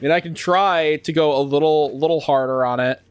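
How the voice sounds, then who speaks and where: A man's voice: a little high, moderate pace, few pauses, smooth, faint music behind. A man streaming a game live, chatting with crude humor and frequent laughter. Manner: crude, joking, laughs often.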